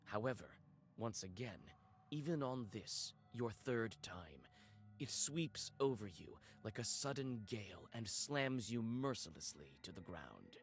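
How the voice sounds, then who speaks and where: A man narrates a dark adventure in second person, measured and atmospheric. His voice sits fairly low. A faint hiss of noise lies under it. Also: big pitch swings.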